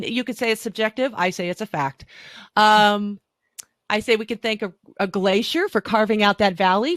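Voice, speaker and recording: A woman's voice: mid-range voice, fairly bright tone, no room sound, clean studio sound. A woman speaking as a wine expert guest on a podcast, chatty and enthusiastic with frequent restarts. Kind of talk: conversational podcast explanation.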